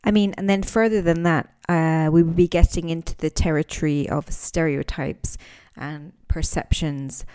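A woman with a low, warm voice hosts a relaxed podcast lesson on English. She is a native speaker and teacher who talks in a thoughtful way, often pausing and restarting her sentences. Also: clean tone. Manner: thoughtful, with frequent restarts and fillers.

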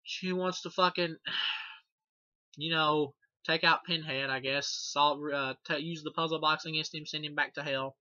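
This man's horror-movie review comes in a somewhat high, bright, forceful voice, steady in tone and a little slow. Casual and rambling, he curses a lot, laughs at the film, and restarts often amid fillers. The lo-fi recording is dull and dry with no room sound.

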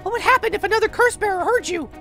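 A woman's voice: very high voice, fast talker, bright, forceful tone, faint music behind, voice pushed up, full character voice. A woman voicing a bubbly, eager teenage schoolgirl sidekick in a video game, reading her lines in a chirpy way. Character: bubbly high-voiced teen schoolgirl sidekick.

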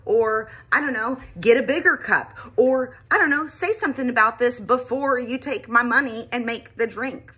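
A woman telling an exasperated, animated storytime rant to the camera, swearing freely. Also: on the high side, slightly rough. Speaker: vlogger. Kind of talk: ranting storytime.

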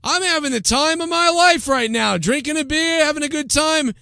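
A man's voice: extremely high pitch, moderate pace, gravelly, pushed and bright, dry recording, clean studio sound, voice pushed up, heavily acted. A man doing a mocking impression of a rowdy, cocky, beer-drinking male radio host with crude bragging. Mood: boastful. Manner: brash, rowdy, laughing braggadocio.

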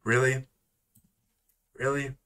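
A man chatting casually in a vlog, sighing and growing exasperated as he repeats words slowly. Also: mid-range voice, flat delivery, sharp tone. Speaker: YouTuber.

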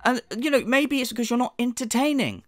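A man's voice: extremely high pitch, brisk, no room sound, studio quality. A man ranting in sneering, profane commentary as a channel host.

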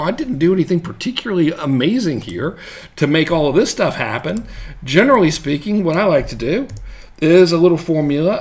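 Casual male marketing coach, average pitch, loose and jokey, chatty check-ins with the viewer. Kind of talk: casual live-streamed teaching.

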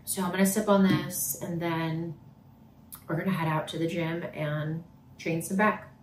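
Her voice is on the low side, a little slow and flat in delivery, though she chats casually and upbeat to her fitness channel viewers via phone camera. The vlog begins in a kitchen and moves to a gym, recorded in an echoey space with noise behind her.

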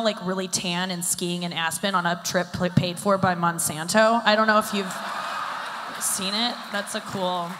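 A woman's voice: mid-range voice, fairly bright tone, a little hiss or hum. A woman in her thirties doing a live stand-up set, rambling and self-deprecating with lots of filler "like"s. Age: 30s. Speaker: stand-up comedian. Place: stage at a live summit event. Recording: echoey hall with long reverb.

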